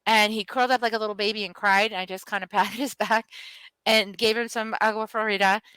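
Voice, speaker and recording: A woman's voice: medium pitch, fairly even intonation, a little fast, sharp tone, smooth, dry recording, poor audio. A middle-aged woman, a healer and author, telling stories with fervent, emphatic, repetitive urging. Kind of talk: passionate interview storytelling.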